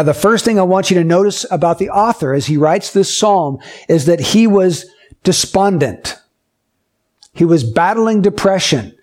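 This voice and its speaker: A man's voice: high-pitched, darkish tone. A male pastor preaching a sermon, reading scripture aloud and then explaining it verse by verse, asking his listeners questions directly. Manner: asks the congregation questions directly.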